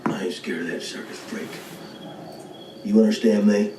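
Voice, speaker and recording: An actor playing a bitter, boastful, self-pitying washed-up wrestler who blusters into loud outbursts, heard as roomy, distant film audio with faint ambience. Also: male voice, medium pitch, very animated, slow, creaky, a little hiss or hum, heavily acted.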